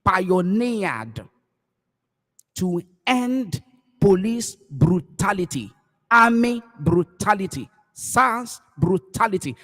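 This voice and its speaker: A man with a Nigerian accent preaching a live broadcast as a pastor, impassioned and repetitive, swinging between shouts and low murmurs. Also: long reverb tail.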